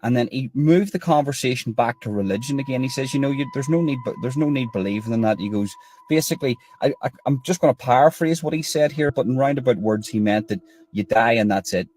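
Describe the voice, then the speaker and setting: A man's voice: mid-range voice, quick pace, a little mellow, slight background noise. A man, telling a long story casually, rambling and restarting as he quotes whole conversations. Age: 30s.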